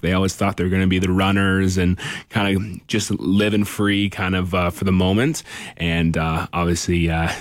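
A man in his thirties, a musician guest, talking in a relaxed casual way with many fillers. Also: low-pitched, no room sound. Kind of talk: casual interview.

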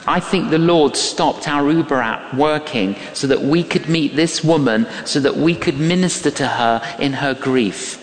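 A man's voice: a little high, a little slow, few pauses. An older man preaching a sermon, telling stories and acting out the voices of people in them with emphasis. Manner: animated, emphatic, acts out quoted voices. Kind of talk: sermon with storytelling. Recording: long reverb of a large hall.

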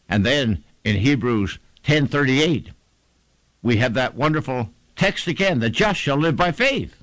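Fervent preacher man, lively pitch. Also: no echo, low-quality recording. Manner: fervent, emphatic preaching with rising repetitions. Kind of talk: sermon.

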